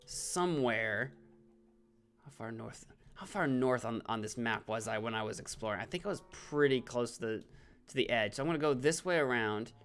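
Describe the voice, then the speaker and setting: Soft background music plays as a man talks through his gameplay on a live stream, joking at his own expense and reading out the chat. He speaks at medium pitch and a moderate pace, expressive, with a smooth, somewhat bright tone.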